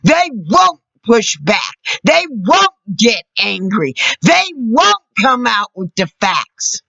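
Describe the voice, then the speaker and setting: Furious woman ranting, swinging pitch. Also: big pitch swings, slow, gravelly, no echo, muffled recording. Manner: furious, profane, shouting at times. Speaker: vlogger. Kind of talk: angry political rant.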